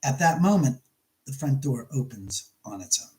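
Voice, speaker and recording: A man's voice: medium pitch, expressive, moderate pace, mellow, low-quality recording. A man hosting a casual live stream from his home, rambling and stopping to greet viewers by name. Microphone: camera mic on a live stream.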